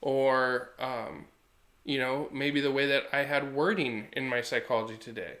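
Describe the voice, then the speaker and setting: His mid-range voice is unhurried and reverberant as this thirty-something podcast co-host chats casually. He tells stories with earnest animation, voicing the quotes as he goes.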